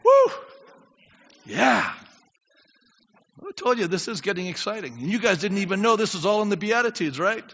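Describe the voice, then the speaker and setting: An older man preaching a sermon as pastor, acting out prayers and swinging from quiet asides to shouts. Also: a little fast. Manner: animated preaching, acts out prayers, drops low then shouts. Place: church sanctuary. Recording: dull reverberant church recording.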